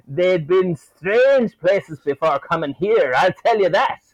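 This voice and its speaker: A man's voice: high-pitched, expressive, takes it slowly, no room sound, dull audio, voice pushed up, exaggerated voice. A man voicing a spirited male leprechaun with a folksy, hearty delivery. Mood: earnest.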